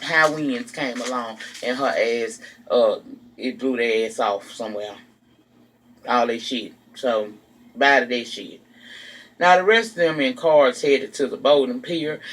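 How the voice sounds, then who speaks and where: A man's voice: fairly high pitch, a bit bright. A man giving a casual, gossipy, profane recap of a reality show, now and then acting out what the cast said. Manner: sassy, profane, gossipy storytelling; acts out quotes of the people he recaps. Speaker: TV recap vlogger.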